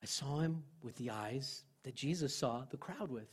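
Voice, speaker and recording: A male pastor preaching a sermon, telling personal stories in an earnest way, dropping to a hush and then rising again. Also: mid-range voice, normal speed, husky. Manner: earnest storytelling, swinging from loud to hushed.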